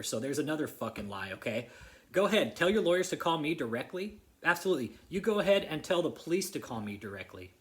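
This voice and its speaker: A man's voice: mid-range voice, a bit bright. A man vlogging an angry, profane rant straight to the camera, repeating himself and confronting someone by name. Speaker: vlogger exposing a church.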